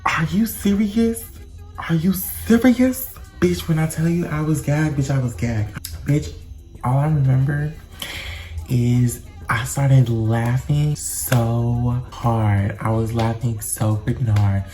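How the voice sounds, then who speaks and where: Mellow-voiced young man telling a storytime. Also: mid-range voice, slow pace, faint music behind. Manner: animated, dramatic, slangy and profane. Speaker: vlogger. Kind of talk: casual storytime.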